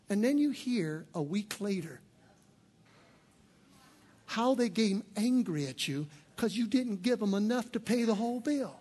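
A man preaching a sermon as pastor, rising to shouted peaks and dropping into playful, joking asides. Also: sits high, expressive, measured pace, slightly rough.

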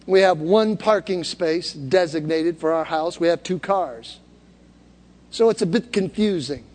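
In a large church hall, a pastor delivers a sermon in an unhurried, slightly mellow voice that sits on the high side. His storytelling is conversational, rising to moments where he asks the congregation to repeat his words back.

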